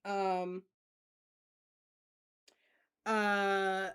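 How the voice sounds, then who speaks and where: A woman's voice: medium pitch, little pitch movement, drawn-out words, fairly bright tone, clean tone. Chatty woman streamer reading chat. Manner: chatty, laughs often, many fillers. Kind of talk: casual Q&A reading chat comments.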